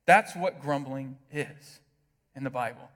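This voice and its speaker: A man preaching a sermon as pastor, animated, asking the congregation rhetorical questions. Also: medium pitch, measured pace. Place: church hall with long reverb. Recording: reverberant hall sound.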